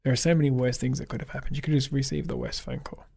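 A man's voice: mid-range voice, big pitch swings, racing, dark tone, breathy edge. Australian man, upbeat guest, laughs easily and acts out the dialogue in his stories. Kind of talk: casual interview chat.

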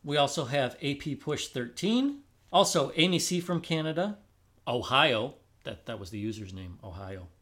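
A man with an American accent co-hosting a history podcast, talking in a relaxed, thinking-aloud way. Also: mid-range voice, normal speed. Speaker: podcast co-host. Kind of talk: casual history podcast chat.

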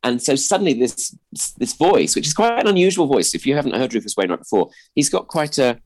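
A man's voice: medium pitch, lively intonation, a little fast, a little mellow, rough recording. A man in his thirties with a posh-sounding voice, a comedian guest in a radio interview, talking hesitantly with many restarts. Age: 30s. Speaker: stand-up comedian.

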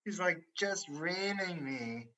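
Man, casual chat, storyteller, rambling, profane, very bright voice. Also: high voice, expressive, takes it slowly, rough recording. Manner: rambling, swears a lot, laughs through stories. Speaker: storyteller co-host.

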